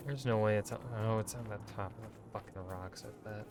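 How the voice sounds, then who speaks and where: A man's voice: lowish voice, fairly even intonation, brisk, noisy background. A man playing a video game on stream, reading in-game lore aloud and joking and swearing as he goes. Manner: loose and joking, swears and laughs at himself. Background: game music.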